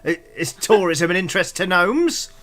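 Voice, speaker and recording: A man voicing shouty suspicious kobolds. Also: high voice, lively intonation, moderate pace, pitched above the performer's own voice. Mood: agitated, accusing. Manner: blustering, shouty, coarse slang. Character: band of small suspicious armed kobolds.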